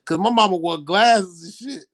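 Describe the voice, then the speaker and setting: A man telling a profane, animated story in casual podcast chat. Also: high voice, moderate pace.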